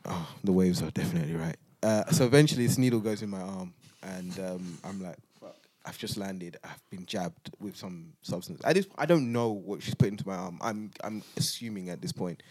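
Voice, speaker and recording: A man hosting a podcast, telling a travel story in a casual, animated way, laughing and acting out other people's voices. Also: low-pitched, brisk, few pauses. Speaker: podcast host.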